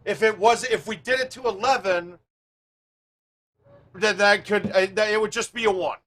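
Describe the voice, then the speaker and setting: A man hosting a live stream, chatting casually with viewers and thinking out loud as he plays a golf game. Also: sits high, steady tone, normal speed.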